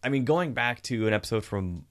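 A man co-hosting a podcast, chatting casually about a film in an animated, rambling way that corrects itself. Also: medium pitch, a little fast. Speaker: podcast co-host. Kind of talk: casual movie review chat.

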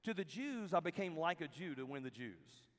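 A man preaching a sermon to a crowd in a large hall, telling stories in an animated way and acting out the people he quotes. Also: a little high, normal speed. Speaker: camp speaker. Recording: long hall reverb.

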